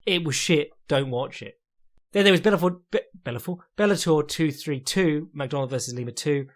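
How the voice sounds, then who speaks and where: A young man hosting a podcast alone, giving casual fight commentary in a sardonic, profane manner with quick asides. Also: fairly high pitch. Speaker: podcast host and fight analyst.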